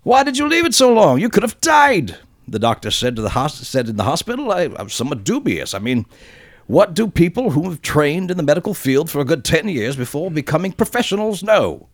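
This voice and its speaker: A podcast co-host reading a listener's letter aloud, doing a deliberately bad British accent for the male writer. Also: fairly high pitch, big pitch swings, no echo, clean studio sound. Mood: mock-pompous. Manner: comic exaggerated reading voice.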